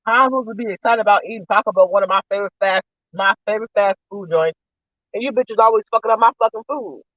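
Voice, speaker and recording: High-pitched man, profane rambling streamer, dry close sound, muffled lo-fi. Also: quick pace, dry recording. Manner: profane, ranting and venting. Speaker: live-stream host. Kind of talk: casual rambling live-stream chat while eating.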